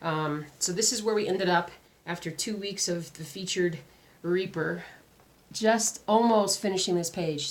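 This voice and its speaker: A woman with a sore throat and a weak voice, chatting casually and rambling with lots of fillers as a craft vlogger. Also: on the low side. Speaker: cross stitch vlogger. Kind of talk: casual chat.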